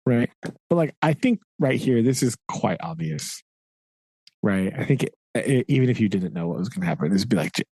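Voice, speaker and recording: A man co-hosting a casual book-chat podcast, teasing and animated with plenty of fillers. His pitch jumps around expressively. The recording is close and dry. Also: fairly quick, breathy edge, no echo. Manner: animated, mocking, many fillers. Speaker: podcast co-host.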